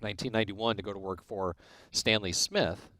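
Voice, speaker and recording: In a dry recording, a fortyish crew chief from Illinois, appearing as an interview guest, talks a little fast in a fairly low voice. He spins casual tales of his racing days, acting out each line of quoted dialogue with animation.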